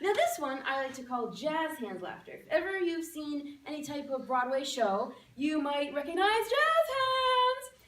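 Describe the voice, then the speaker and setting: A woman giving a playful, animated laughter-yoga demonstration speech to a live audience. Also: sits high, unhurried, noisy background. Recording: echoey room from far off.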